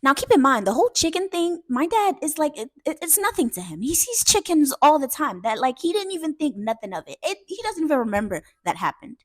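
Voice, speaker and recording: Brief: chatty woman storyteller, high voice, dry close sound, talking straight to viewers. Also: brisk, hardly any pauses, no room sound. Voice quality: lively, chatty, talks to viewers directly. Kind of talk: casual storytime narration.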